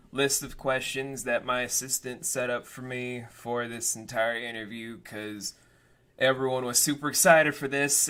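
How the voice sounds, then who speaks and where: A man hosts a casual interview, tossing in jokes and offhand asides between his questions. His voice is bright and forward, sitting at a middle pitch. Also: smooth. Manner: joking, playful asides. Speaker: interview host.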